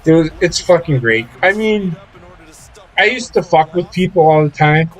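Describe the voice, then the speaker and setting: A man's voice: a little high, animated, measured pace, rough recording. A young man chatting casually while gaming, telling profane stories and laughing often. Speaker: gaming streamer. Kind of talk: casual chat.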